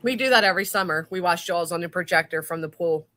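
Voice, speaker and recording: A woman's voice: on the low side, quick pace, sharp tone. A woman hosting a livestream, chatting casually and swearing freely. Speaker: stream host. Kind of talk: casual chat.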